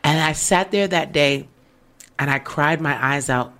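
A woman with a low voice co-hosts a casual heart-to-heart chat. She tells her stories with animated energy and acts out the voices of the people in them, swinging between hushed moments and excited bursts. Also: unhurried. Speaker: podcast co-host.

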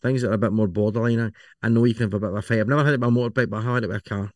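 A man's voice: fairly low pitch, steady tone, rapid-fire, a little mellow, dry recording. A man with a Scottish accent, co-hosting a casual podcast chat and rambling, often repeating words as he thinks. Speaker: podcast co-host.

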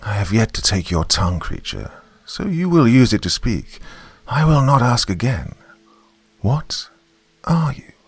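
A man voicing an ancient giant river serpent, a male, low, distant voice that talks down with imperious contempt. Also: sing-song, a little slow, husky, dry recording, exaggerated voice. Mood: commanding.

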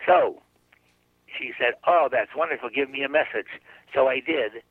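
A man's voice: mid-range voice, moderate pace, no room sound. Older man, radio interview guest, chatty storyteller, acts out dialogue, dry phone-line sound. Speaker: guest psychic.

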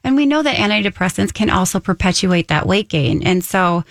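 A woman nutritionist co-hosting a radio show, chatty and quick to agree. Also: mid-range voice, expressive, creaky, no echo. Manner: chatty, quick when clarifying, many agreeing backchannels. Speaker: nutritionist co-host.

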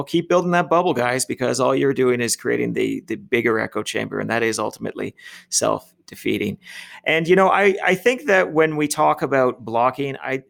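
A Canadian man giving heated, forceful political commentary in a casual podcast debate. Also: mid-range voice, gravelly.

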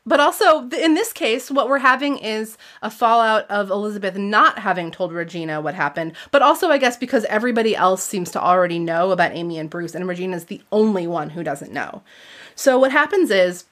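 A chatty woman talks through a novel's plot at a mid-range pitch, full of energy. When she reads passages aloud, she leans into the drama. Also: expressive, brisk, fairly bright tone. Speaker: podcast host. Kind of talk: casual book discussion and reading aloud.

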